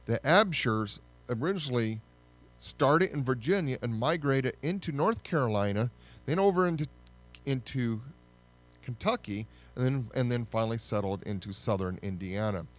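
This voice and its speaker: A man giving a casual, conversational history lesson, often pausing to correct himself. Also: on the low side. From United States. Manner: conversational, with frequent fillers and self-corrections. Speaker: history teacher.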